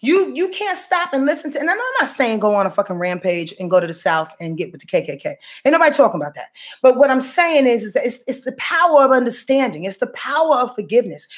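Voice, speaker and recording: A woman's voice: on the high side, very animated, quick pace. A woman astrologer giving her weekly forecast in a blunt, profane, preachy way, calling out to her listeners. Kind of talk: casual spoken astrology forecast.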